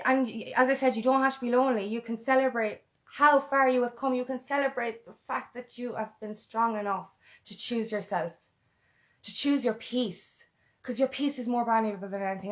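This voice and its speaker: A woman's voice: a little high, fairly quick. A woman empowerment coach talking earnestly and emotionally in a motivational vlog, often repeating a mantra. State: emotional, close to tears.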